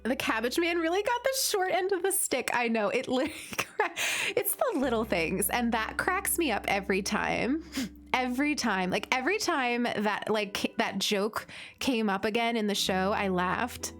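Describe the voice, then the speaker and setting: Chatting casually while she plays, this streamer gushes and leans heavily on "like." Her slightly bright voice is on the high side, with lively intonation and a normal speed, and faint music plays behind.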